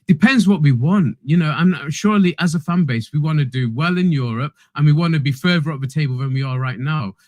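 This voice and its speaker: A man's voice: on the high side, brisk, few pauses, a little mellow, dry recording. A man on a football fan panel making his case earnestly, with plenty of ums and restarts. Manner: earnest, argues his point with fillers. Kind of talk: live fan show panel chat.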